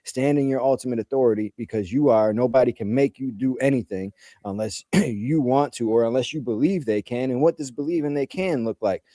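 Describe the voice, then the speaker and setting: A man's voice: mid-range voice, a little fast, hardly any pauses, mellow, no echo. Earnest man, dry close sound. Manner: earnest, advising, repeats his points. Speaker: host. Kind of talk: casual spiritual discussion.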